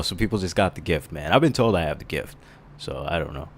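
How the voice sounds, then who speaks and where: Deep-voiced man joking through reactions. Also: expressive, fast. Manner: crude, joking, laughs often. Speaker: stream host. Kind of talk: casual reaction commentary.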